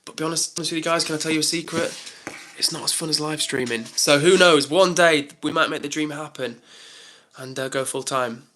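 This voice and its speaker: Young man, casual live stream chat, upbeat and rambling, bright tone, slightly high pitch. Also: steady tone, fairly quick. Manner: chatty, upbeat, lots of "like" and "um".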